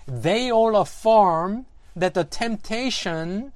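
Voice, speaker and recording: Slow-paced preacher, sermon delivery, dry close sound, rhetorical questions. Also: mid-range voice, dry recording. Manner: deliberate, rhetorical questions to listeners.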